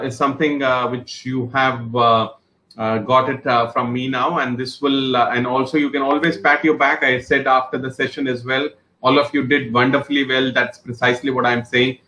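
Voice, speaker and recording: A male trainer explaining English words in an online class, repeating each word and giving example sentences in an encouraging way, with many pauses and restarts. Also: medium pitch, bright, forceful tone, reverberant, poor audio. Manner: frequent fillers and restarts, encouraging.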